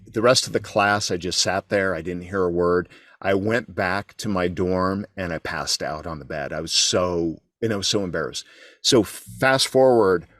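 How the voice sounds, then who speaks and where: A man's voice: low-pitched, a bit bright, no echo, studio quality. A middle-aged man, a guest on an interview show, telling a candid story about himself with frequent restarts. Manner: candid, self-deprecating, with restarts. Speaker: guest, keynote speaker.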